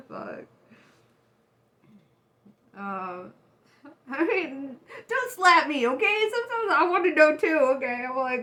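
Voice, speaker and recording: Laughing, chatty high-voiced woman tarot reader. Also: slow pace, pauses often. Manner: laughs often, swears, chatty and animated. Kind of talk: casual tarot reading to camera.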